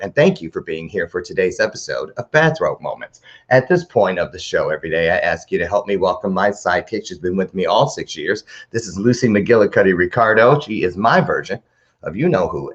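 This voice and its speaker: Low-voiced chatty male talk show host. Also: muffled recording. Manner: chatty, rambling, animated asides. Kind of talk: live talk show chat to camera.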